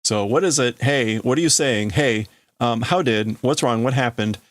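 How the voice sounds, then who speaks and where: A man hosting a livestream, working slowly through a manga translation out loud, halting and stopping often to explain words. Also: medium pitch. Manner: slow, halting, stops to explain words and reads lines in a raised voice. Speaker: livestream host. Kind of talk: casual live translation of a manga.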